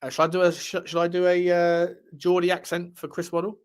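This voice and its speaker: A man's voice: high-pitched, completely flat delivery, fairly quick, few pauses, clean tone. A man hosting a football fan livestream, reading articles aloud with cheeky asides and repeating his phrases. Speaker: host of a football fan show. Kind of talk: casual livestream chat reading transfer news.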